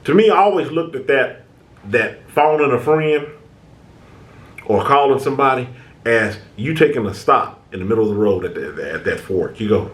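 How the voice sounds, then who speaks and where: A man's voice: mid-range voice, expressive, normal speed. A man hosting a casual motivational talk, speaking to his viewers and acting out their inner thoughts, with frequent repeated words. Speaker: self-help video host. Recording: echoey room.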